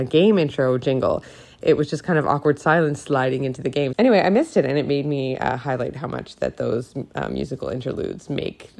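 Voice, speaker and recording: A woman of around forty from Halifax, leaving a rambling, gushing voicemail. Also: a little mellow. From Halifax, Nova Scotia, Canada. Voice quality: deep baritone. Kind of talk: voicemail message.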